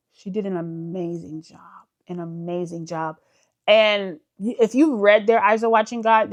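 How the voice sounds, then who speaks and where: A woman with a mid-range voice, recorded with dull audio, vlogs about books in a casual, chatty style. Full of enthusiasm, she addresses viewers as "y'all" and uses lots of fillers like "like."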